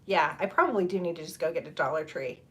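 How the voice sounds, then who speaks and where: A woman's voice: low voice, fast talker, fairly bright tone. Chatty woman hosting a livestream. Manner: chatty and rambling, with laughs and many restarts. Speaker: livestream host. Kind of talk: casual chat with live viewers.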